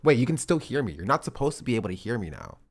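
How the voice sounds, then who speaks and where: A male streamer talks casually to his chat, rambling and joking as he fiddles with his audio. His voice is mid-pitched with a lively, bouncing intonation that rises and falls freely. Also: rapid-fire. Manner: rambling, joking, testing his mic aloud.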